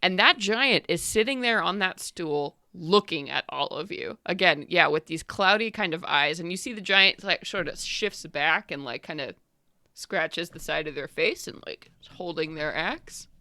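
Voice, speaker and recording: A woman running a tabletop game as game master, describing each scene in loose, rambling talk peppered with likes and uhs. Her voice is bright and clear, and her pitch swings a lot. The recording is dry and close. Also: expressive, moderate pace, no room sound.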